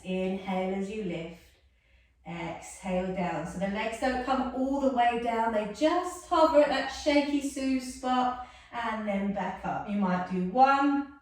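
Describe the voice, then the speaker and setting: Woman, yoga instructor, calm guiding voice, very echoey room, mic far away. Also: mid-range voice, slight background noise. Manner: soothing, chatty with self-mocking asides. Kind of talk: guided yoga class.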